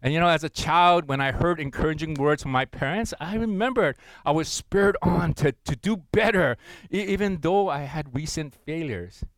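Middle-aged male preacher, lively and playful, slightly high voice, dry close sound. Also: moderate pace, dry recording, rough recording. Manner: animated, playful, big swings between loud and hushed. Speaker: pastor. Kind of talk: sermon.

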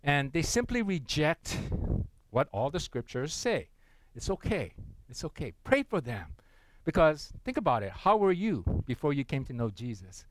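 A man's voice: on the high side, sing-song, normal speed, a little hiss or hum, poor audio. A man preaching a sermon in a conversational way. He often checks in with the congregation and laughs at his own stories. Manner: tells a joke with acted voices. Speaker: pastor.

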